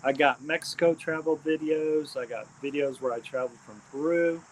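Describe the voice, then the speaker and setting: A man hosting a casual live stream, rambling and repeating his shout-outs with many ums and uhs. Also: a little high, steady tone, normal speed, a little hiss or hum, poor audio. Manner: hesitant, frequent ums and uhs.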